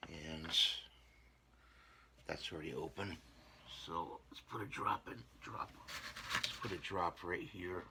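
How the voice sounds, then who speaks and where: Gravelly low-voiced hobbyist man. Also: slow pace, pauses often, background noise. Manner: rambling, talks to himself while gluing. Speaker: channel host repairing models. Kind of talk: casual hobby repair vlog.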